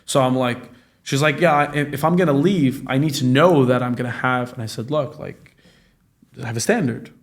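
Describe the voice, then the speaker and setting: A man in his late twenties, a real estate business owner, guests on a casual podcast, speaking in a mid-range voice at normal speed. He tells stories animatedly, swearing plenty and acting out the dialogue of the people in them.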